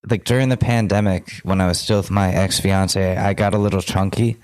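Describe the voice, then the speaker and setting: A man's voice: sits low, steady tone, brisk, a little mellow. Loose-talking man in his twenties. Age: 20s. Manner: loose, swearing, self-deprecating storytelling. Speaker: podcast co-host. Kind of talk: casual chat.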